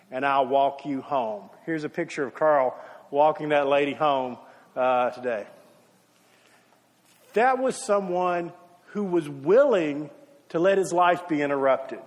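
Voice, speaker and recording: A male pastor delivering a sermon in a notably high voice. He leans into stories with emphatic, dramatic rises. His voice rings with the long reverb of a large hall.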